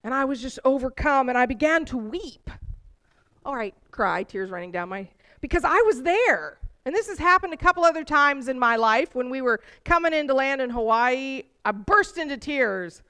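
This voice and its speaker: A woman giving a sermon, telling personal stories in an animated way that rises with emotion. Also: high voice, normal speed, clean tone. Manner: animated storytelling, voice rising with emotion. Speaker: preacher.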